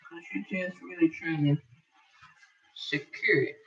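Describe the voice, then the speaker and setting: Woman quilting instructor, unhurried and bright-toned, talking through her steps casually; dull lo-fi sound, set back from the mic. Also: low voice, steady tone, distant mic. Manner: chatty, thinks aloud while working. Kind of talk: casual sewing tutorial.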